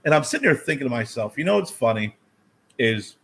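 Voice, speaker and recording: Husky-voiced guy ranting about bad service, acts out everyone, swears a lot. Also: medium pitch, a little fast. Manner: animated storytelling, acts out quoted people, swears. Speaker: podcast co-host. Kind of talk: casual chat.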